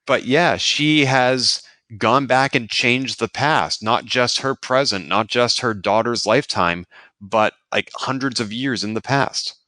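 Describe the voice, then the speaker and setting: A man co-hosting a podcast, analyzing a TV episode in a measured, analytical way. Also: mid-range voice, sharp tone, no room sound, studio quality. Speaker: podcast co-host. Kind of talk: casual chat, analyzing a TV episode.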